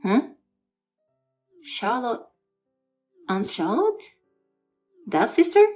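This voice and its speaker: A woman's voice: fairly low pitch, animated, moderate pace, a little mellow, faint music behind. A woman reading as a bossy selfish husband. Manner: demanding, dismissive. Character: selfish young husband, mama's boy. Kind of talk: scripted dramatized story reading.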